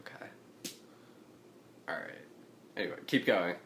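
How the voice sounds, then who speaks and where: A man's voice: low-pitched, animated, slow pace, noisy background. A man playing a tabletop game in casual chat, joking, swearing and laughing often. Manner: laughs a lot, swears, jokey. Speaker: player.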